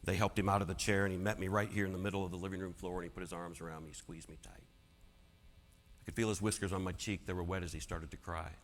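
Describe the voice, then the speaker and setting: A man telling a personal story as a keynote speaker, dramatic and swinging from hushed to loud. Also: low voice, little pitch movement, quick pace. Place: large conference hall. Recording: long hall reverb.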